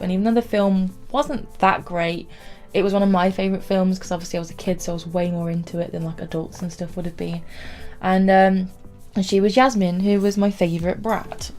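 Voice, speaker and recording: A woman's voice: on the low side, darkish tone. A young woman chatting to camera in a rambling storytelling way, saying "like" often. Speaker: vlogger.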